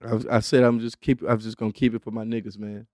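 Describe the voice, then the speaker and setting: A man hosting a podcast in casual, animated comedic chat, laughing often and slipping into exaggerated voices when he quotes people. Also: lowish voice, quick pace, dry recording, studio quality. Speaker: podcast host.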